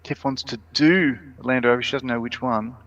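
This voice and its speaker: A man's voice: mid-range voice, steady tone, brisk, fairly bright tone, slight background noise. A man co-hosting a casual live stream, reading viewer comments aloud and laughing often. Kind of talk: casual chat. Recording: dull lo-fi stream audio.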